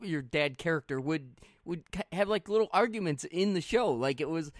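A man's voice: on the high side, lively intonation, normal speed, no room sound, studio quality. A man hosting a casual interview, laughing easily as he talks about having been a fan since childhood. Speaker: podcast host.

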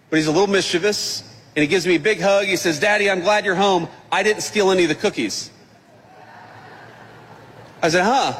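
A man's voice: a little high, fairly bright tone. A man giving a public speech, telling a folksy anecdote with wry humor, played as a clip. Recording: clip with long reverb of a hall.

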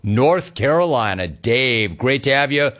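A man runs a sports talk radio show, trading quick banter with callers. His voice sits at an ordinary middle pitch, and he is animated and quick to mock.

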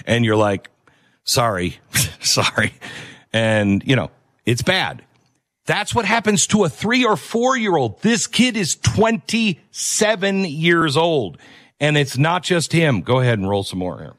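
A man's voice: a little high, big pitch swings, measured pace, fairly bright tone, no echo, studio quality. A man hosting an opinionated commentary show, talking emphatically and repeating key phrases.

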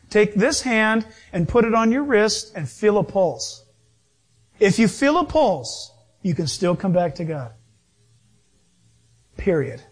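A man preaching a sermon in a lively, animated way, acting out voices as he goes. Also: high-pitched. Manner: animated, acts out voices and quotes.

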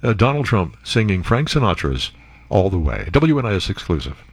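A man hosting a talk radio show, telling stories in a casual, animated way with frequent laughs, on a studio microphone. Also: on the low side, brisk, husky, no room sound. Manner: animated storyteller, laughs often, restarts.

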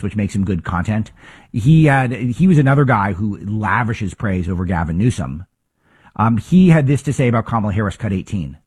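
A man's voice: fairly low pitch, a little mellow, breathy edge. A man hosting a political talk show, delivering opinionated commentary with emphatic rhetorical questions and frequent restarts.

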